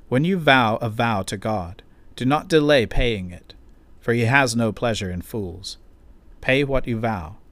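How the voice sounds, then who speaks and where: Male scripture reader, measured formal delivery, dry close recording, mid pitch. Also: no room sound. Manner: measured, formal reading cadence. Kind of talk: liturgical scripture reading.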